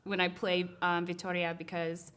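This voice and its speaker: A woman's voice: on the low side, monotone, normal speed, fairly bright tone, clean tone. Young actress lady chatting in an interview, upbeat and friendly, lots of ums. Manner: upbeat, friendly, frequent "um" fillers. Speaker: actress and model, guest. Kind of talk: casual interview chat.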